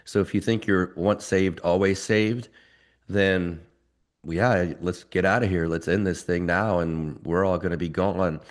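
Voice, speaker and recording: A man speaking as a guest in a relaxed conversation, telling stories thoughtfully. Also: sits low, unhurried. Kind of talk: casual conversation.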